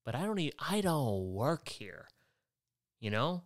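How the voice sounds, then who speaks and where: A man's voice: on the high side, very animated, slow. Profane, exasperated ranting man. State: worked up and tired by the end. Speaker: podcast host. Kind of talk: rambling comedic monologue.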